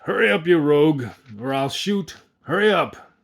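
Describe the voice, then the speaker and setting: A man's voice: mid-range voice, animated, normal speed, darkish tone, natural voice. A man voicing a bossy, blustering middle-aged village mayor with a coarse voice. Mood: threatening. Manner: blustering, commanding.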